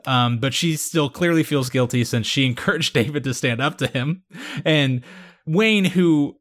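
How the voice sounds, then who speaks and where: A man's voice: medium pitch, a little slow, a bit bright. A man hosting a casual chat show, recapping an episode with frequent laughs and filler words. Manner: chatty, laughing, lots of ums and likes. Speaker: podcast host.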